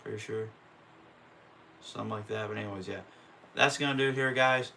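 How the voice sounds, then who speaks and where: A man's voice: fairly low pitch, fairly even intonation, fairly quick, creaky, sharp tone, slight background noise. A man on a live stream calling a stock car race lap by lap, swearing and ranting in open frustration between calls. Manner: profane, openly frustrated ranting. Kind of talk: casual live-stream play-by-play.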